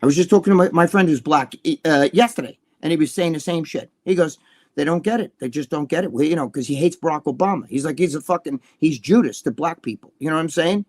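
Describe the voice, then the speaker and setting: Brief: high-voiced male co-host, heated profane rant, keeps repeating his point. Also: fast talker, hardly any pauses, darkish tone. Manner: ranting, profane, repeats himself, acts out quoted people. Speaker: podcast co-host. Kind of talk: heated casual chat.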